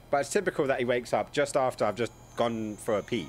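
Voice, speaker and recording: A man's voice: mid-range voice, fast, few pauses, a little hiss or hum. A man casually commentating a game on a live stream from a home desk mic, chatty and playful. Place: home room. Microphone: desk microphone.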